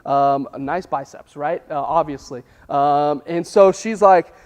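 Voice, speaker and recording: A man preaching a casual sermon, telling the story in a chatty, animated way and acting out the quotes. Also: on the high side, slow. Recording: long reverb in a hall.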